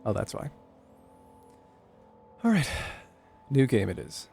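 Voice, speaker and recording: A man's voice: medium pitch, sing-song, slow, vocal fry, a little mellow, slightly rough, soft background music. A young man casually commenting on a horror game as he streams it live, joking and thinking aloud. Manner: chatty, jokey, thinking aloud.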